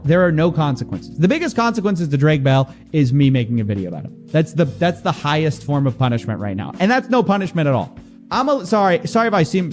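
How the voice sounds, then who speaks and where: A man talking straight to camera as an investigative internet commentator, exasperated and a bit mocking. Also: high voice. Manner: animated, exasperated, mocking quoted voices. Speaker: investigative YouTuber.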